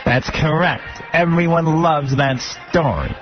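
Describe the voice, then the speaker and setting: A man's voice in an old radio comedy bit. The sound is muffled and lo-fi, and music plays clearly underneath him. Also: a little high, lively intonation, unhurried.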